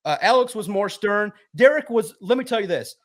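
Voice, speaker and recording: High-energy man telling a story. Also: animated, moderate pace. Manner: high-energy, acts out quotes loudly. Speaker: guest sports writer. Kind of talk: animated storytelling.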